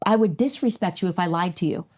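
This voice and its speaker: A woman's voice: on the low side, fast talker, a little mellow, husky. A woman in a heated podcast debate, firm and insistent, repeating her points. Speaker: podcast guest.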